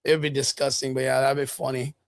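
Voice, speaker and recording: A man's voice: mid-range voice, flat delivery, quick pace, vocal fry, dry recording. A man co-hosting a casual streamed chat show, joking loosely and swearing, with lots of "dude" and "bro". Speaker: podcast co-host. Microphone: streaming mic.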